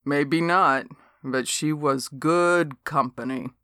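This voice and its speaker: A woman's voice: deep voice, slow, fairly bright tone, no room sound, studio quality, voice pushed down. A woman voicing a glum, sulking man who moans his lines in a mopey way. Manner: moaning, mopey.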